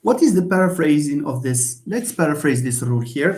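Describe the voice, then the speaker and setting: A man's voice: fairly high pitch, animated, a little mellow, reverberant, slight background noise. A man lecturing a class, thinking aloud with frequent restarts and hesitations. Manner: slow, halting, thinks aloud with many restarts. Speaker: linguistics lecturer.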